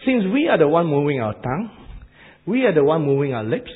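A man with an Asian accent preaching a sermon, animated and repetitive, laughing at his own jokes. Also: fairly high pitch, a little fast, narrow, tinny audio.

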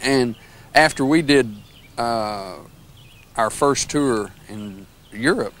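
A man's voice: medium pitch, takes it slowly, a bit bright. A man who played in a band, reminiscing in a documentary interview in a plain-spoken, admiring way. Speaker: musician recalling a bandmate.

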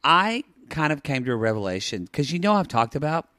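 Lively, animated male podcast co-host. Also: a little fast, no echo, studio quality. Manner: animated and playful, jumps into high-pitched quoted voices. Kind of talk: casual chat.

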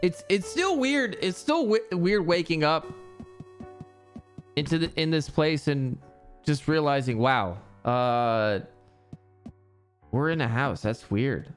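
A man's voice: on the high side, expressive, slow, pauses often, faint music behind. A young man streaming a game, chatting casually in a rambling way with many fillers and frequent swearing. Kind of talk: casual chat while gaming.

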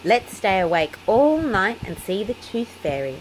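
A woman's voice: medium pitch, big pitch swings, unhurried, slight background noise, low-quality recording. A woman voicing a cheerful little girl piglet from a children's storybook, with squealy giggles. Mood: excited.

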